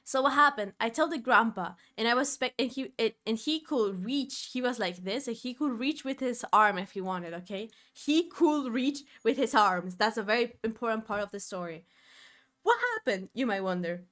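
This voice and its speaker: Woman streamer, casual storytelling, higher-pitched, swings between murmurs and loud outbursts. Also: moderate pace. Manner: expressive, drops to low murmurs then bursts into loud exclamations.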